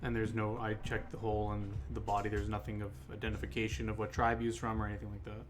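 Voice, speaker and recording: A man's voice: lowish voice, monotone, fast talker. A man playing a tabletop game, earnestly explaining his character's actions. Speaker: player. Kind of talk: tabletop role-play.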